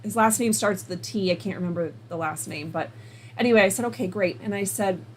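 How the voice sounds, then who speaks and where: Woman, show host, casual story, animated, reenacts conversations, mid-pitched voice. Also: brisk, slight background noise. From United States. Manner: animated, retells conversations in quoted dialogue.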